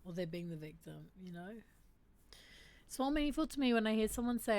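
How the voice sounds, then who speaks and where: A woman's voice: mid-range voice, expressive, a little fast, a little mellow, no echo. A woman hosting a casual stream, reading statements aloud and reacting candidly and emotionally. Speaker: streamer host. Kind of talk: casual reflective stream chat.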